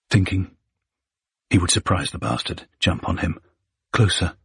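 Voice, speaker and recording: A man narrating a suspense thriller audiobook with measured, suspenseful pacing. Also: sits low, animated, creaky, fairly bright tone, husky, no echo, clean studio sound.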